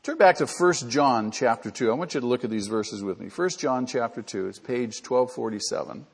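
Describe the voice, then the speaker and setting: A man's voice: mid-range voice, expressive, normal speed, creaky, husky, in a large hall. A man preaching a sermon as pastor, earnest and rising to emphatic peaks.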